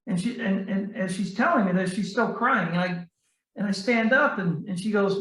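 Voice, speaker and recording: High-voiced guy telling his story on a podcast, earnest, keeps restarting, sounds far off the mic in a roomy space. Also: fairly bright tone. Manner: halting, with frequent restarts and fillers; earnest and heartfelt. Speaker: guest, Navy veteran and author. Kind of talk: casual storytelling in a podcast interview.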